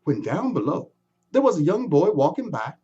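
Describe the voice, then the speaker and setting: A man telling a folktale in an animated way, adding sound effects and inviting the audience to join in. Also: fairly high pitch, moderate pace, lo-fi sound, slight background noise. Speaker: storyteller. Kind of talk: folktale storytelling performance.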